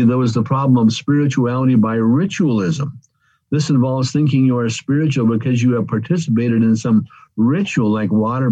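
A man's voice: mid-range voice, mellow, husky, no room sound, dull audio. A man preaching a sermon, calling his listeners friends and working through numbered points. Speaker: pastor.

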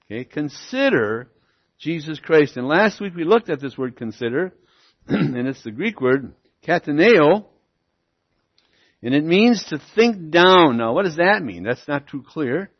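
A man preaching a sermon as pastor, teaching verse by verse, often checking in with "okay?" and "see?" and slowing down to stress key words. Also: on the high side, very animated. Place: church. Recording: lo-fi church recording.

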